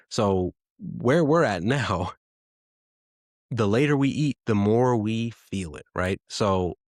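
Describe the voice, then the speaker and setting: Thirties dad podcaster, kinda low voice, dry close mic, rambly storytelling. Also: male voice, dry recording. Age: 30s. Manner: rambling, self-correcting, quotes himself in a livelier voice. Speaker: podcast host. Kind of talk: casual storytelling monologue.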